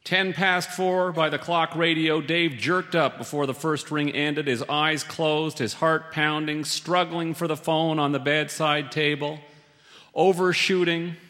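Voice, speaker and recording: A man's voice: fairly high pitch, steady tone, unhurried, bright, forceful tone, big-room sound. A man telling a humorous story with a dry, wry delivery.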